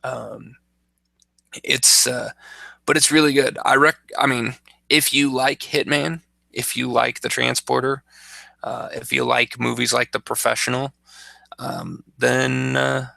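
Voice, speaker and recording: Very gravelly man with a bright voice. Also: medium pitch, fairly even intonation, dry recording, rough recording. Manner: easygoing, quick short reactions. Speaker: podcast co-host. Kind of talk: casual chat.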